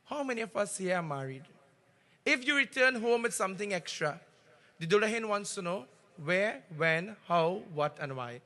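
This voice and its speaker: A Trinidadian man preaches with a high voice that pushes up and grows loud on the lines he stresses. His tone is very bright and forceful. He sounds like a pundit giving a devotional talk. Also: lively intonation, normal speed. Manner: emphatic, swells louder on key phrases. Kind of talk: devotional sermon with storytelling.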